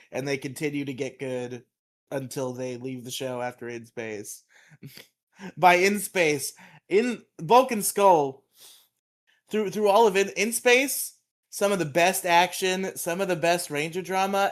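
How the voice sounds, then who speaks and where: A man co-hosting a podcast, recapping episodes in a loose, chatty way, laughing often and humming theme tunes. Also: on the high side. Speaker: podcast co-host.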